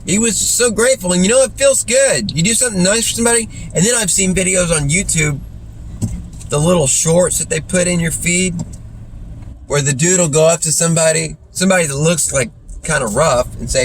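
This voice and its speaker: A man's voice: high voice, fairly quick, a little hiss or hum. A man telling stories in a casual, rambling way, full of slang like "dude" and "freaking". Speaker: streamer.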